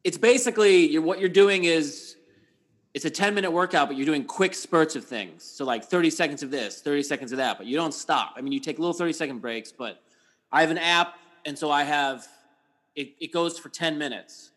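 Animated, swearing middle-aged man. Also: a little high, a little fast. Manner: animated storyteller, swearing, acts out his outbursts. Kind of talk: casual chat.

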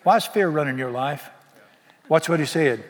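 A male pastor preaching with folksy, exuberant energy and peppering the crowd with questions. His voice sits a little high for a man. It rings out with a long reverb through a church hall. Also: moderate pace. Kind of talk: sermon. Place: church sanctuary.

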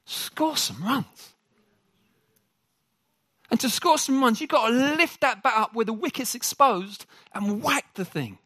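A man preaching a sermon to a congregation. He jokes with the room and talks in an animated way. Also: very high voice, measured pace, pauses often, no room sound, studio quality.

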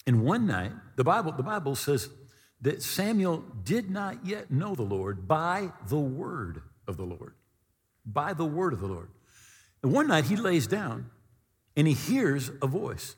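A man preaching a sermon as pastor, telling the story with animated delivery and acting out the voices of the figures he quotes. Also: on the high side, unhurried, breathy edge. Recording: long reverb of a large hall.

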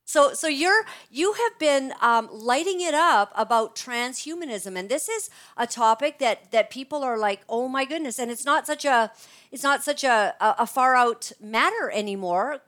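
A woman hosting an interview, eager and affirming, with halting restarts. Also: a little high, a bit bright. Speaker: host.

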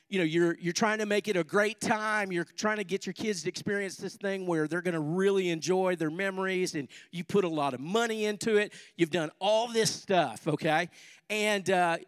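Middle-aged pastor with a rallying, conversational style. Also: male voice, sits high, clear, resonant tone. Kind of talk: sermon. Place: church hall. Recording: long hall reverb.

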